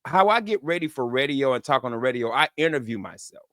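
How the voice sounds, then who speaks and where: A man's voice: medium pitch, animated, fast, fairly bright tone, no room sound, studio quality. A man co-hosting a comedy radio show, laughing hard and talking in loose slangy banter. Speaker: radio co-host.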